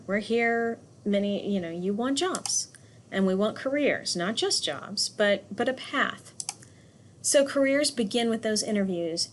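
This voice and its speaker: Woman instructor, direct and emphatic in class, medium pitch, light room noise. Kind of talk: classroom lecture.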